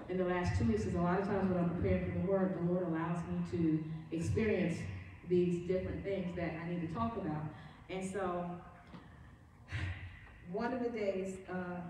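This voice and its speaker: A woman's voice: lowish voice, mellow, far from the mic, slight background noise. A woman minister preaching a sermon in a church, telling a story with earnest emphasis. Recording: very echoey room, voice from afar.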